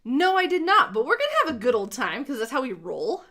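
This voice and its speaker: A woman's voice: high-pitched, big pitch swings, fairly quick, bright, forceful tone. A woman co-hosting a casual gaming livestream, rambling and joking about herself with frequent giggles. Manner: giggly, rambling, self-deprecating.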